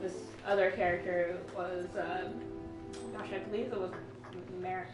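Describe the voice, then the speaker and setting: A woman chatting casually while playing a game, recalling a story in halting bits. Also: lowish voice, level tone, recorded from a distance. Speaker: let's play co-host. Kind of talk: casual chat over gameplay. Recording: echoey room, off-mic, music behind.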